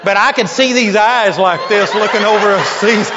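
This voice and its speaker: A man's voice: sits high, a little slow, a loud crowd, heavy background noise. A male preacher telling a story in a sermon, acting out the voices and laughing often. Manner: animated storyteller, acts out quotes, laughs often. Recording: dull lo-fi recording in a big hall.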